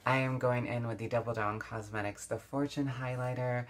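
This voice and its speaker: A woman's voice: extremely low pitch, fairly even intonation, normal speed. A woman beauty vlogger chatting casually while doing her makeup, reflective, with many fillers and restarts. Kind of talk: casual get-ready-with-me chat.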